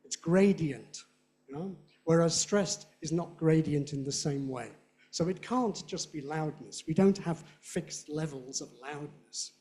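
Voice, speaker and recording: A middle-aged man with a Southern British accent giving a playful, animated lecture on phonetics and demonstrating sounds aloud. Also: fairly high pitch, unhurried. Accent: Southern British English. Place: lecture hall.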